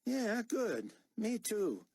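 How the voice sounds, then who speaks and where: A man's voice: high voice, wildly swooping pitch, extremely slow, creaky, darkish tone, breathy edge, dry recording, pitched above the performer's own voice, full character voice. A man voicing a brash, insolent young male soldier with a mouthy, slangy way of talking. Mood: cocky.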